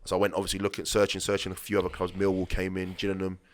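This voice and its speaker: Deep, fast-talking man telling stories. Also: completely flat delivery. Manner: rambling anecdotes, restarts, acts out quoted dialogue. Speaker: podcast guest, former footballer. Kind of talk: casual conversational storytelling.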